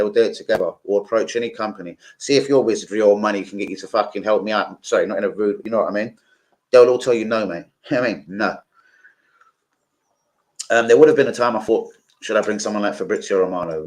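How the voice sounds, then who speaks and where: A man's voice: on the low side, poor audio. Rambling, swearing man. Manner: rambling, swearing, many fillers. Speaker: football streamer. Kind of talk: casual live-stream chat.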